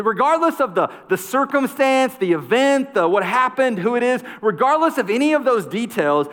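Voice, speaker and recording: A man preaching a sermon, telling a family story and pressing his listeners with repeated rhetorical questions. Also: high voice. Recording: long hall reverb.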